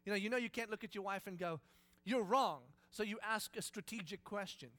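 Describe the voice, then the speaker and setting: A male pastor giving a sermon in a church, telling stories in an animated, joking way. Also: high-pitched, fast talker, dry recording. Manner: animated, jokey storytelling.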